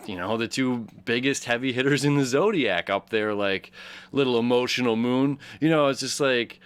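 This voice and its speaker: A man with a slightly low voice hosts a casual astrology talk. He rambles through his points, looping back with fillers and restarts as he explains. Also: a bit bright. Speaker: astrology host.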